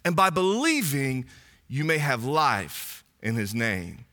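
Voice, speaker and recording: A male pastor, preaching a sermon in an animated, conversational way full of asides. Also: mid-range voice, slow.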